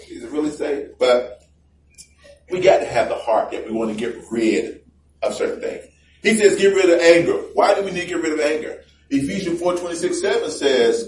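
Joking preacher in a roomy hall. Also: male voice, medium pitch, a little mellow. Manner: conversational and joking, acts out little voices. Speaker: pastor. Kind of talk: sermon. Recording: roomy, distant mic with faint background noise.

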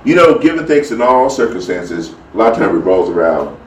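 Here a man with a lowish voice talks fairly quickly through a devotional anecdote, performing the characters' lines in an animated way during his informal faith talk. The audio is roomy, picked up from a distance, with slight background noise.

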